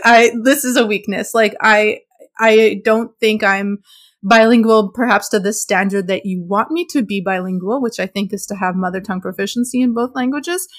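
Thoughtful woman podcast host from Montreal. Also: medium pitch. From Montreal, Canada. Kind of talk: casual podcast conversation.

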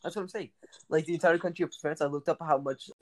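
A man's voice: on the high side, fairly even intonation, quick pace, heavy background noise. A young man in casual chat, rambling and laughing often, with lots of filler words.

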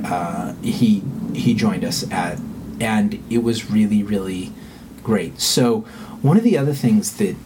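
A man's voice: fairly low pitch, darkish tone, slight background noise. A middle-aged man telling a personal story in frank, casual conversation, swearing freely and livening up when he quotes people.

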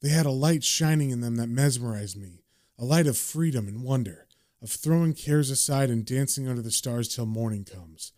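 Weary, wry comic-book man as read by a man, low muttered delivery. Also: expressive, a little fast, a little mellow, dry recording, clean studio sound, lightly acted. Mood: reflective.

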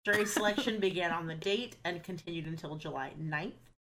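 A woman's voice: fairly low pitch, a little fast, over a noisy crowd, poor audio. Woman steadily recounting court details. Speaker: podcast co-host. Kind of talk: reading case notes in casual chat.

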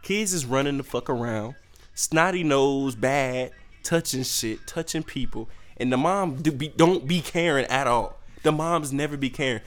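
A young man hosting a podcast, ranting in a profane, animated way with sudden jumps in pitch. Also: unhurried. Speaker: podcast host. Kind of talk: solo comedic rant.

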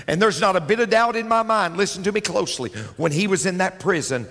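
A man's voice: sits high, quick pace, hardly any pauses, a bit bright. A male pastor preaching a sermon emphatically, repeating key lines for effect, in a large church. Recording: reverberant church hall.

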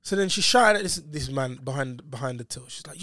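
Slangy man telling a story, higher voice. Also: expressive, fairly quick, sharp tone, no echo, studio quality. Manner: slangy, swears, acts out what others said. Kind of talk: casual story time chat.

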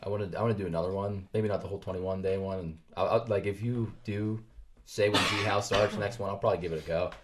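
A man's voice: low voice, fairly even intonation, fast talker, very noisy. A young man co-hosting a faith podcast, talking in an earnest, reflective way and laughing easily. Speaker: podcast co-host. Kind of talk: casual chat.

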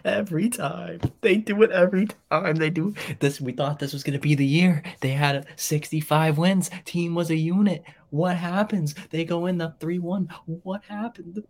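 A man, his voice sitting a little high, reacts live on a sports podcast. He sounds distraught and swears in bursts, then drops his voice low. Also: normal speed, creaky, few pauses. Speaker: podcast co-host.

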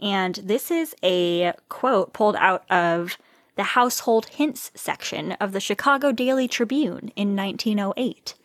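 Woman podcast co-host, musing and laughing, middle pitch, dry close sound. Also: measured pace, no echo. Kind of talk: casual chat.

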